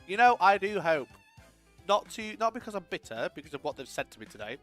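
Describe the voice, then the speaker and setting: A young man talks loosely to his stream chat, his fairly high voice swooping up and down, with faint music playing behind him. He swears freely, laughs a lot, and shifts between loud outbursts and muttering. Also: big pitch swings, a little fast. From Sheffield, England. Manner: sweary, laughs often, swings loud and quiet. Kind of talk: casual live-stream chat.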